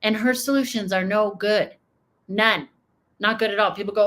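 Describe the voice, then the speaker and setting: A woman's voice: mid-range voice, moderate pace, fairly bright tone, slight background noise. An American woman giving emotional, emphatic political reaction commentary, often repeating her points. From United States. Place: home.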